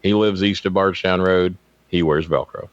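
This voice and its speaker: A man's voice: low-pitched, fairly even intonation, moderate pace, dry recording. A man, a former wrestling manager, trading profane, wisecracking stories as a guest on a casual podcast. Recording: slightly dull, dry sound.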